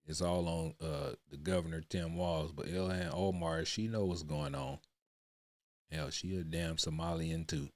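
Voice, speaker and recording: A man with a very low voice talks casually to his livestream chat, blunt and heavy on profanity, ending phrase after phrase with "man." The sound is dry and close, with no room around him. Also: fairly even intonation, a little slow, a little mellow, dry recording. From United States. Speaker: livestream reaction host.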